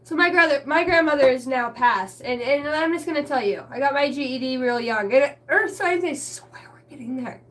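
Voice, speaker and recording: A spiritual reader and vlogger talks casually to the camera from a basement room lit by a ring light. Her voice is high-pitched, animated and a bit bright, and she laughs often and swears while telling stories full of quick asides.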